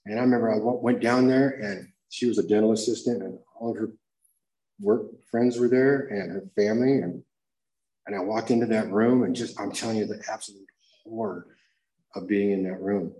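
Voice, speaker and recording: A man's voice: lowish voice, steady tone, a little fast, mellow. A man telling his personal recovery story to a room full of people in a raw, confessional way. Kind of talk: personal testimony to a live audience. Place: room with an audience. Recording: echoey room.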